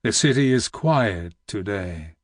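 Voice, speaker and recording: A man reading an audiobook, voicing a weary, heavy old vizier who speaks slowly in a deep, rumbling, almost whispered growl. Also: expressive, dry recording, clean studio sound. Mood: grave. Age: older. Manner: slow, grave and weighty.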